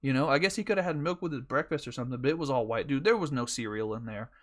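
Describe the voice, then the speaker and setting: A man's voice: mid-range voice, very fast. A man hosting a podcast, telling a rambling story with heavy cursing and jokes. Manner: profane, rambling, joking. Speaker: podcast host. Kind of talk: casual storytelling.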